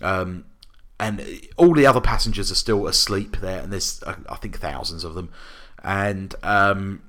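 A man's voice: low-pitched, unhurried, hardly any pauses, pushed and bright. A man co-hosting a casual film chat, making dry asides and hesitating with frequent fillers. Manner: dry, wry asides, hesitant with many uhs. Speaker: podcast co-host.

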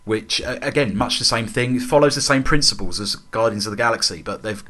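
Man, young, low-pitched, enthusiastic, rambling, casual podcast chat. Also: a little fast, sharp tone. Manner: rambling, enthusiastic, lots of fillers and restarts. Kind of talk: casual chat about comics.

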